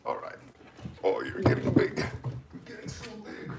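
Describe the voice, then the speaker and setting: A man talking to a pet dog in playful baby talk, helping his partner with a live tarot stream. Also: a little slow. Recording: distant voice, noisy room.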